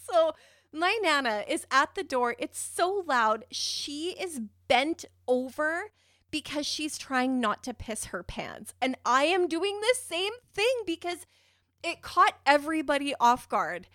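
A woman telling a personal story in a casual, animated way, giggly and swearing freely. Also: high-pitched, slow pace, dry recording, clean studio sound.

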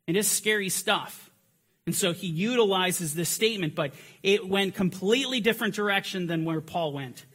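A man's voice: high-pitched, normal speed, a bit bright. A man preaching a sermon to a congregation, earnest and intense, repeating phrases for emphasis.

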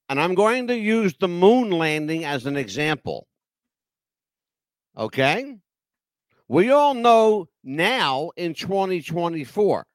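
A brash man hosting a live talk show, his pitch high and leaping around as he presses his points. He sounds dry and close, with no room around him. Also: no echo. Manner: brash, emphatic, swears. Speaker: host.

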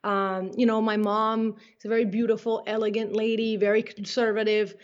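A woman's voice: medium pitch, flat delivery, normal speed, highs cut off. A woman guest on a podcast interview who speaks in an earnest, motivational way.

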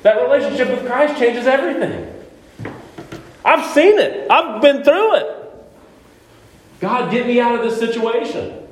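A man preaching a sermon as pastor, conversational and animated, asking the congregation rhetorical questions in a church. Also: very high voice, a little slow, long pauses. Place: church sanctuary. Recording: echoey church room, mic at a distance.

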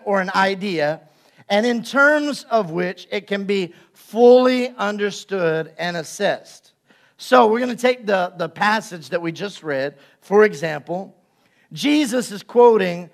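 A man's voice: high voice, creaky. A male pastor delivering a conversational sermon, acting out little scenes and jokes to make his point. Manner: conversational preaching with playful acted-out asides.

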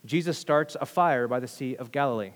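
Animated male preacher in a reverberant hall. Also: medium pitch, a little fast. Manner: animated storytelling, acts out quotes, swings loud to hushed. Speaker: pastor. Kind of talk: sermon.

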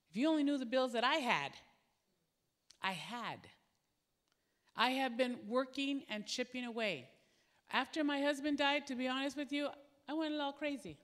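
A woman's voice: a little high, fairly bright tone. A middle-aged woman preaching a sermon, candid and earnest, telling stories. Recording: echoey hall.

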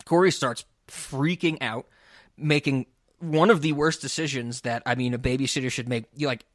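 A man casually recapping a movie plot on a podcast, animated, swearing freely. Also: mid-range voice, moderate pace, dry recording, studio quality. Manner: animated storyteller, acts out quotes, swears freely. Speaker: podcast co-host.

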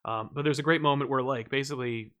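A man in casual podcast chat, talking at a middle pitch. He rambles with many fillers and restarts, animatedly retelling scenes as he goes. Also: fairly even intonation, quick pace, a bit bright, smooth.

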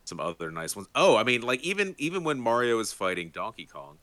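A man's voice: medium pitch, big pitch swings, fairly quick, fairly bright tone, no room sound. A man co-hosting a casual podcast, laying out details at length in a knowledgeable way. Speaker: podcast co-host.

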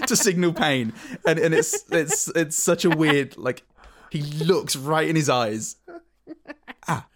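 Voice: mid-range voice, lively intonation, slow. A podcast co-host in casual film chat, rambling and correcting themself. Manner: rambling, self-correcting, laughs often.

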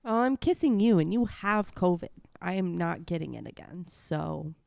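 A woman co-hosting a casual podcast, sick and tired, giving short deadpan replies. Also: fairly low pitch, moderate pace, creaky, no room sound, studio quality. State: sick and tired, rough-voiced. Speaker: podcast co-host. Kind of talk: casual chat.

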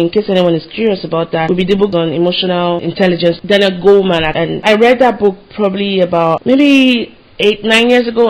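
A man's voice: high voice, rough recording. A man hosting a podcast interview, chatty and encouraging, who came to the US as an international student. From grew up abroad, former international student in the US. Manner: chatty and encouraging, quick asides. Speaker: podcast host. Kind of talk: casual interview chat.

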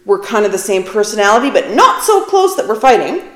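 A woman's voice: mid-range voice, sing-song, fairly quick, fairly bright tone. Candid middle-aged woman podcaster, echoey room. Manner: candid, conversational, self-deprecating. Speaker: podcast host. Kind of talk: casual solo podcast talk.

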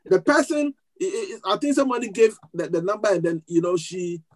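A male preacher telling a story from the pulpit, lively and chatty. He often stumbles and repeats words as he searches for the next thing to say, then pushes on. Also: high-pitched, brisk, low-quality recording. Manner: repetitive restarts, animated storytelling with laughs. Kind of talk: sermon storytelling.

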